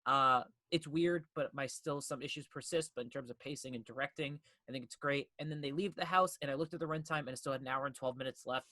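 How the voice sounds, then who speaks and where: Animated, bright-voiced male podcast host. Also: medium pitch, quick pace, hardly any pauses, no echo. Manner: animated, swears freely, acts out reactions. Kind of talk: casual film discussion.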